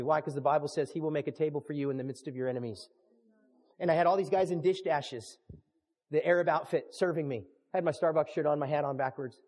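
Animated preacher in a reverberant hall. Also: male voice, on the high side, fast. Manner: animated preacher, swings from hushed to shouting. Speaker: pastor. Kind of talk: sermon storytelling.

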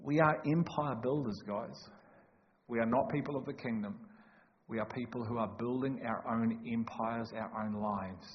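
A male preacher delivers a sermon, emphatic and full of joking asides, swinging from loud to hushed. His voice rings through a church hall with a long echo. The sound is dull and lo-fi with faint noise behind it. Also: medium pitch, normal speed.

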